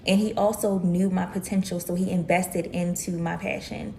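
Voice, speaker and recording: A woman's voice: lowish voice, steady tone, moderate pace, creaky, darkish tone, slight background noise. A woman content creator, telling a story to camera in a sassy, emphatic way and calling listeners "baby.".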